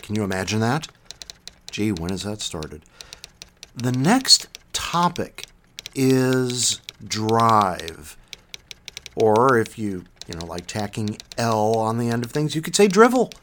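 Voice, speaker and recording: A man hosting his own podcast in casual solo talk, self-mocking and animated, swinging between loud bursts and muttered asides. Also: lowish voice, slow pace, a little hiss or hum. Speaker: podcast host.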